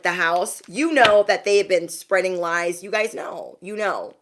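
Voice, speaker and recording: A young adult woman delivers an intuitive spiritual reading straight to her viewers. She talks in a chatty, familiar way and calls her audience bestie. Her pitch sits mid-range for a woman. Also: measured pace. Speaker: intuitive reader.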